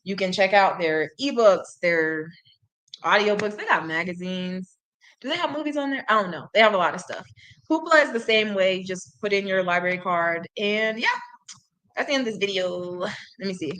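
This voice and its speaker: A woman's voice: mid-range voice, moderate pace, fairly bright tone. Chatty young woman streaming a reading lesson. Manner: chatty, laughs often, says "y'all". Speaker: language-learning streamer. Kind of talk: casual livestream reading lesson.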